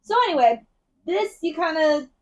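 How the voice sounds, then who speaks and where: A woman co-hosts a casual book podcast in a high voice. She retells scenes in a chatty way, full of quick asides. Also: animated. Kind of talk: casual chat.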